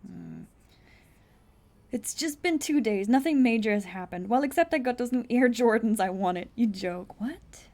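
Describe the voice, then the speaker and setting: A young woman streaming herself playing a text adventure, reading the story text aloud quickly and breaking in with blunt, incredulous asides and the odd swear. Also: fairly high pitch, expressive, darkish tone. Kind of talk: casual live-stream commentary, reading game text aloud.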